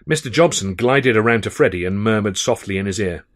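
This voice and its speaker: A man's voice: on the low side, lively intonation, fairly quick. A man reading his own novel aloud in a wry, understated storytelling manner. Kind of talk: audiobook narration.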